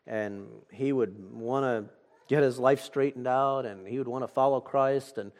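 A man's voice: medium pitch, a little slow, darkish tone. Earnest preacher guy telling stories in a sermon, acts out both sides of the chat, normal mid voice. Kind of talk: sermon with retold conversations.

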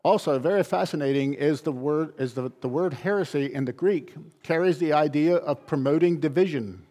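A man's voice: fairly high pitch, moderate pace, warm tone. A man pastor delivering a sermon, driving points home with emphatic, repeated phrases. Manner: emphatic, repetitive preaching cadence.

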